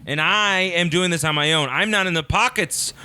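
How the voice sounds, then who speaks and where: Deadpan podcast guy, slightly high bright voice, mock serious. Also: moderate pace, smooth, no room sound, soft background music. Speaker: podcast co-host. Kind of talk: casual comedic banter.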